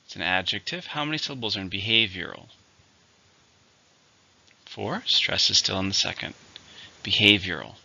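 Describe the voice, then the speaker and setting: A man with a rather low voice and a very bright, sharp tone teaches English vocabulary. He counts syllables, marks the stress and says each word with care. The recording sounds slightly dull and lo-fi. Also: animated, gravelly. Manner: slow, deliberate word drills with example sentences. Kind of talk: vocabulary lesson.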